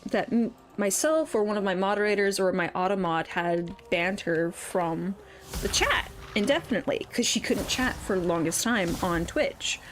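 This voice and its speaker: A woman's voice: medium pitch, moderate pace, a little hiss or hum. A woman streaming a game while chatting casually, ranting, swearing and laughing often, and under the weather. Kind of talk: casual chat while gaming.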